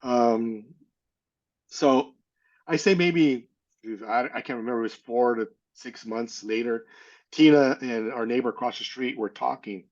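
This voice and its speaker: A man's voice: medium pitch, measured pace, dull audio. A man from California telling a personal story as an interview guest, acting out the people he quotes. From California, USA.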